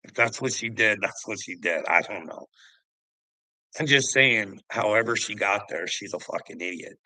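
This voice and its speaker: A man's voice: fairly low pitch, moderate pace, sharp tone, no room sound, poor audio. A man who vlogs, ranting profanely and laughing with scorn. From Canada. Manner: angry, swearing, laughing scornfully. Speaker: vlogger.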